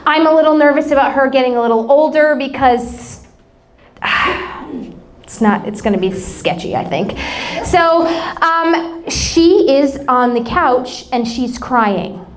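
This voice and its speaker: A woman's voice: high voice, animated, measured pace, slight background noise. A woman in her thirties preaching a sermon, telling personal stories in a candid, emotional, self-deprecating way. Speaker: pastor.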